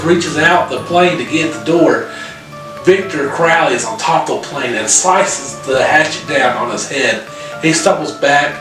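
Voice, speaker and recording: A man casually recapping a horror film's plot, profane and animated, with lots of fillers. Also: fairly high pitch. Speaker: podcast co-host reviewing a horror film. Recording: very echoey room, far from mic, music behind.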